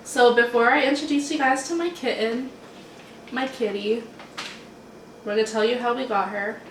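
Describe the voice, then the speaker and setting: A young woman talks casually while eating at home, rambling in a laid-back way. Her voice sits a little high. The sound is roomy and comes from a mic set some way off, with a faint hiss beneath. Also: normal speed, a bit bright, far from the mic. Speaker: mukbang host.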